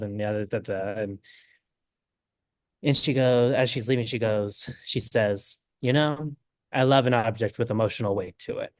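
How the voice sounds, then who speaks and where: A man's voice: medium pitch, moderate pace, no room sound. Chatty man telling stories, dry sound. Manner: animated, acts out quotes with lots of "I'm like". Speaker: guest knitting designer. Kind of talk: casual interview storytelling.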